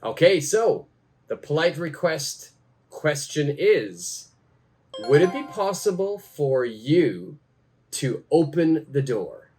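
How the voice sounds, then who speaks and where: A man leads an English lesson in an unhurried, careful way, saying each example twice so learners can follow. His voice sits a little higher than most men's, and he takes his time. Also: very animated, a little mellow, husky, soft background music. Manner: repeats phrases slowly for learners. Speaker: English teacher. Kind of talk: slow, deliberate teaching.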